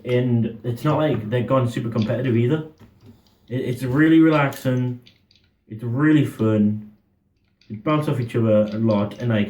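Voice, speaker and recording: A man's voice: mid-range voice, warm tone, roomy sound, rough recording. A young man chatting eagerly as co-host, repeating words as he talks. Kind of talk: casual chat.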